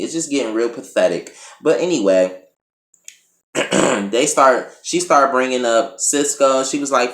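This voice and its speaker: A man giving a casual, profane and animated recap of a TV episode as a reviewer. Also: medium pitch, a little slow. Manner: profane, animated, acts out quotes. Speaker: TV show reviewer. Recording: echoey room.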